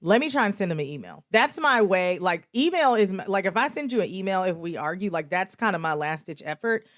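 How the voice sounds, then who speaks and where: A woman's voice: brisk, no echo, studio quality. A young adult woman hosting a podcast, candidly telling a story in casual speech and acting out the quoted lines. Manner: animated, acts out quoted dialogue with big pitch jumps. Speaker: podcast host.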